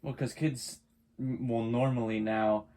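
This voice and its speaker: A man's voice: mid-range voice, level tone, unhurried, warm tone, a little hiss or hum. A young man co-hosting a podcast, chatting in an easygoing way, asking questions and laughing along. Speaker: podcast co-host. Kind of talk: casual chat.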